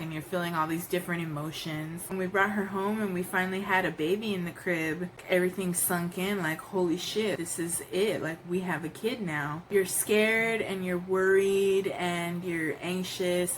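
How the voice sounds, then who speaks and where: A woman's voice: lowish voice, a bit bright, slight background noise, rough recording. A woman telling her birth story in a casual vlog, candid and profane, acting out her own reactions. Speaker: new mother, vlogger.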